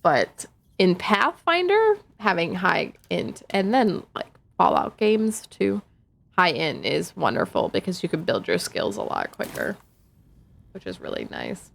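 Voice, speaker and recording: A woman's voice: fairly low pitch, huge pitch swings, measured pace, vocal fry, a little hiss or hum. A woman streaming a game, chatting casually and reading in-game notes aloud. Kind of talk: casual gameplay commentary.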